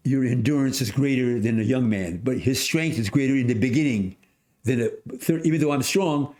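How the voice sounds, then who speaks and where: Centenarian male guest, lively storyteller, mid-pitched, plays the other people's lines. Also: normal speed. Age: 100s. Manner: animated storyteller, acts out voices, many restarts. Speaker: podcast guest. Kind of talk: storytelling in casual conversation.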